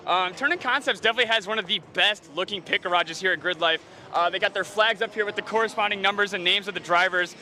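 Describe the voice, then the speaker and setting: A man's voice: sits high, quick pace, few pauses, pushed and bright, slight background noise. A man touring race pit garages and interviewing drivers, friendly and casual. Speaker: pit reporter. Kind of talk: casual live event segment.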